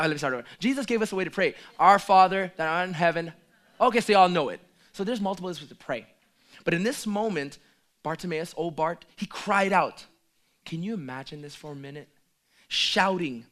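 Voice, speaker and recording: A man preaching a sermon, swinging from hushed asides to loud, emphatic calls. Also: a little high.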